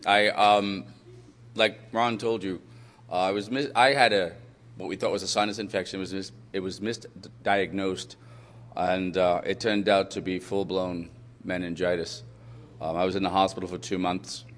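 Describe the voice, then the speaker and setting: Guy on a handheld mic telling a personal story to an audience, kinda low voice, jokey and teasing with the crowd. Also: fairly even intonation, normal speed, a bit bright. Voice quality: candid, self-mocking humor, bantering with the audience. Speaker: speaker sharing a personal story. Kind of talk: storytelling talk to a live audience. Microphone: handheld microphone.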